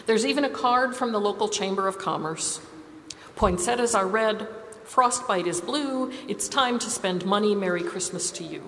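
A woman preaching a sermon, telling stories in a measured, expressive way. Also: medium pitch, a little hiss or hum. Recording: reverberant hall with faint ambience.

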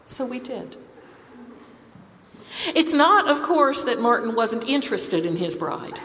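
Slow, lively woman preaching in a hall. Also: fairly high pitch, a little hiss or hum. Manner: storytelling, measured and expressive. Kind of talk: sermon. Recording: reverberant hall with faint ambience.

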